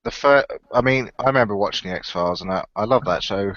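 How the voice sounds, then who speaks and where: A man's voice: lowish voice, fast, a bit bright, no room sound, dull audio. A man on a stream panel, talking casually with a mocking, sarcastic edge. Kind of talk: casual chat.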